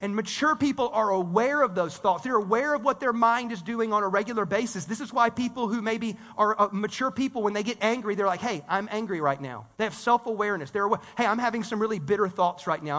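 A man preaching a sermon in a church hall, in an energetic, conversational way with frequent restarts. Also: sits high, quick pace, hardly any pauses. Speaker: pastor.

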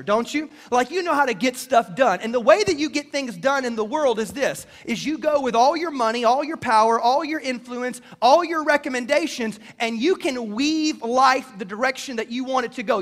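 A male pastor preaching a sermon, swinging between loud emphasis and hushed low lines, often repeating words as he goes. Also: long reverb tail. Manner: stumbles and repeats words in bursts.

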